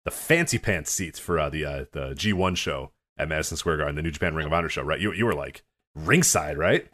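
A man co-hosting a wrestling podcast, telling an animated anecdote in casual chat and laughing often. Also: very deep voice, a little fast. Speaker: podcast co-host.

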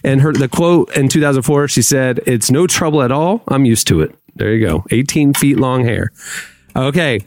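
Lively, playful male quiz host. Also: medium pitch, moderate pace, dry recording, clean studio sound. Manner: playful, emphatic, laughs between questions. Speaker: podcast host running a trivia game. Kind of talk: casual quiz hosting.

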